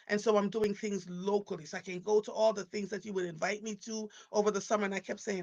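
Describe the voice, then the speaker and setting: A woman's voice: medium pitch, steady tone, quick pace, few pauses. A woman in her fifties hosting a live stream, chatting casually and rambling through stories with frequent restarts. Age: 50s. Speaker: live show host.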